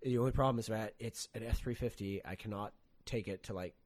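A man's voice: on the low side, fairly quick, darkish tone. A young man in casual chat, telling stories animatedly, swearing often and acting out quotes in a raised voice.

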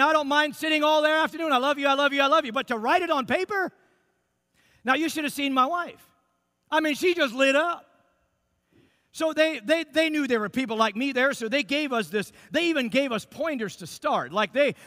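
A middle-aged man preaching, telling a personal story in an animated way with many restarts. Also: very high voice, big-room sound. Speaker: pastor.

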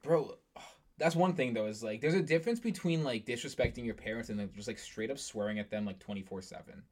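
Young guy on a podcast, chill animated storyteller, keeps saying bro, middling voice. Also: medium pitch, fast. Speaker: podcast co-host. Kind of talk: casual chat.

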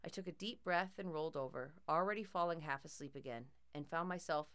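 Clear-voiced woman reading a horror story. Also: low-pitched, brisk, a bit bright. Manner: dramatic, tense storytelling. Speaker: narrator.

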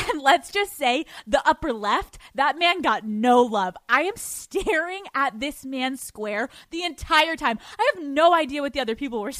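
Pitched high and a little bright, this dry recording captures a young female podcast host spinning a casual story on her own. She's giddy, swears freely, and keeps breaking into laughter.

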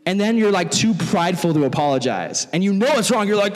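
A young man preaching to young people in a lively, conversational way. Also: high voice, fairly quick. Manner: animated, conversational, acts out voices. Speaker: youth pastor. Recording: long hall reverb.

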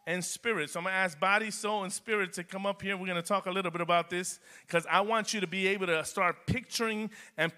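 Preaching as pastor in a church, a man with a high, pushed, bright voice repeats phrases and builds rising emphasis through his sermon.

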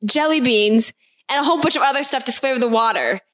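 High, bright young woman teasing friends. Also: fast. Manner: excitable, teasing, addresses viewers. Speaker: co-host. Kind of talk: casual chat.

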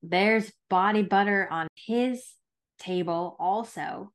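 A woman's voice: medium pitch, takes it slowly. Easygoing woman podcast co-host. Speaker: podcast co-host recapping a TV episode. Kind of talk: casual chat.

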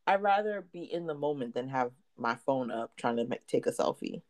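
A woman in her thirties co-hosting a podcast in casual chat, animated and laughing often, slipping into playful quoted asides. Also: a bass voice, brisk. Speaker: podcast co-host.

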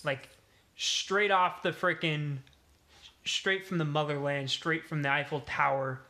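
A young man telling a story on a casual podcast, animated and swearing freely. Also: a little high, measured pace. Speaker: podcast co-host. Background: pets in the room.

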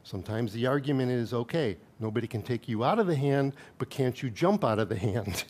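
A man preaching a sermon in an easy, conversational style. He reads scripture aloud, then breaks off into asides and quiet chuckles. His voice sits in an ordinary middle register. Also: medium pitch, lively intonation, fairly quick, slight background noise. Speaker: pastor.

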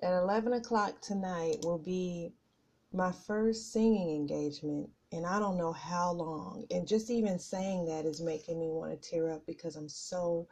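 A woman's voice: fairly low pitch, normal speed, a little mellow. Nervous, breathless woman. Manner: nervous, rambling with many fillers. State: out of breath from nerves. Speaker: podcast host. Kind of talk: casual personal chat. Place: home office at a computer.

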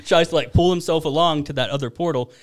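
A young man recounts a wild dream in a loose, animated ramble, laughing along as he goes. His voice sits slightly high for a man, and he leans on fillers and restarts. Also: fast. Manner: animated, giggly, trailing fillers. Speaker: podcast co-host. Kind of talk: casual storytelling.

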